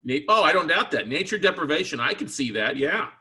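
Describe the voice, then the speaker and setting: A man's voice: fairly high pitch, sing-song, a little fast, bright, forceful tone, breathy edge. A man hosting a talk show, chatting bluntly and venting with a little swearing. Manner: blunt, swearing, vents with acted asides. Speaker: show host. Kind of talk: casual chat.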